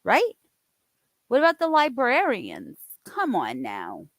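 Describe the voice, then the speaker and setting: A woman's voice: fairly high pitch, huge pitch swings, slow, no room sound. A woman chatting casually on a live stream, reacting aloud and laughing.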